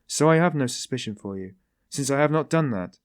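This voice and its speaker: A man's voice: mid-range voice, animated, a little fast, no room sound, studio quality, voice pushed up, close to an everyday voice. A man voicing a sly, genial detective who teases in a mocking, ironic way. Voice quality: tittering, mocking.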